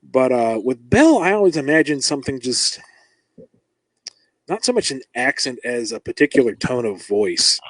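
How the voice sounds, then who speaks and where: Man, comic writer guest, casual interview, enthusiastic, mid pitch, dry sound. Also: moderate pace, dry recording, low-quality recording. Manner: enthusiastic, animated when quoting others.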